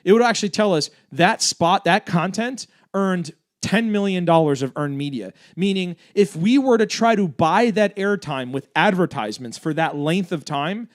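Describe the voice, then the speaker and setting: A man hosts a casual livestream, answering viewer comments one after another. His voice sits a little high for a man. He talks with energy and likes to argue, packing his points with fillers and quick asides. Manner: energetic, argumentative, fast-talking with fillers. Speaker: livestream host for a gun rights group.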